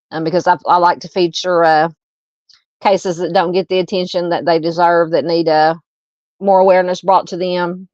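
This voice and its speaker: A woman's voice: fairly low pitch, no room sound, muffled recording. Chatty Southern woman hosting a livestream. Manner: chatty, warm to viewers, frequent fillers and laughs. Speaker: true crime livestream host. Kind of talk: casual livestream chat reading comments.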